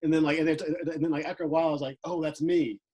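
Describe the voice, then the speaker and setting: A young Air Force veteran chatting casually, rambling with lots of fillers and restarts. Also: male voice, a little high, level tone, rapid-fire, a little mellow, low-quality recording. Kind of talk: casual chat.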